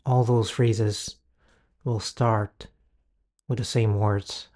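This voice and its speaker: A man with a low, mellow voice leads a guided healing meditation. He talks very slowly and gently, leaving long pauses between instructions and phrases. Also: level tone. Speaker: guided healing session leader.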